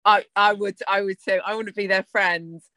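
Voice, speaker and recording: A woman's voice: mid-range voice, moderate pace, dry recording. Gushing woman co-host, very dry close sound. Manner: excitable, laughs often, gushing. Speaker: podcast co-host. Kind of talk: casual chat.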